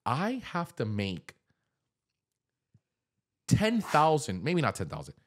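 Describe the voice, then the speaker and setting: Young male podcast co-host, casual and playful, lively pitch swings. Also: takes it slowly, slight background noise. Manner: animated, laughing, slangy banter. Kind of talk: casual chat.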